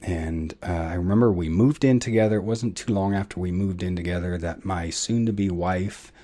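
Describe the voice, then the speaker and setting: Rich: A man with a fairly low voice tells a personal story as a podcast host. He wanders and backtracks, often pausing on "um" and "uh" and correcting himself as he goes. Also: warm tone. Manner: rambling, full of fillers and self-corrections.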